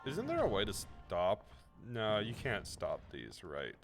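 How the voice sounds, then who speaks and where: A man's voice: fairly low pitch, wildly swooping pitch, slow pace, vocal fry, over music. A man streaming a game and bantering playfully with his chat, teasing back and laughing at himself. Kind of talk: casual gameplay stream chat.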